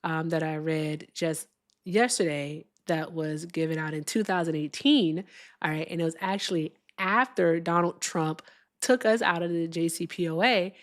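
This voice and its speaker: A woman hosting a live political stream, talking in an animated, emphatic way, swearing and slowing down to stress her points. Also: deep voice. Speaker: livestream political host.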